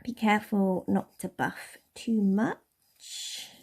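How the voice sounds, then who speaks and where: A young woman from Somerset giving a relaxed, chatty nail care tutorial in a lightly posh English accent. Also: mid-range voice, takes it slowly, creaky, slightly rough. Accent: posh-leaning southern English. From Somerset, England. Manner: chatty, relaxed, with soft laughs. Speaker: beauty tutorial host.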